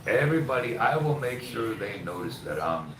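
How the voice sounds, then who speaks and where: A man's voice: mid-range voice, big pitch swings, normal speed, crowd noise. A middle-aged American man vlogging in a chatty, rambling way that jumps between topics. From United States. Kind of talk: casual chat. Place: outdoors. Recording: echoey with loud ambient noise.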